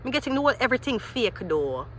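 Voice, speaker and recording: Woman, tarot reader, bright edge, talks it through out loud. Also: fairly high pitch, fast, slight background noise. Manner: animated, rambling, thinking aloud. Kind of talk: tarot reading monologue.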